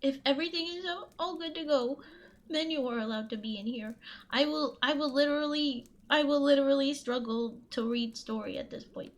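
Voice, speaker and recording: A woman's voice: sits high, a little fast. A woman streaming live, chatting casually with her viewers, nervous and pleading, laughing often and repeating herself. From US Midwest. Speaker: streamer reading folktales.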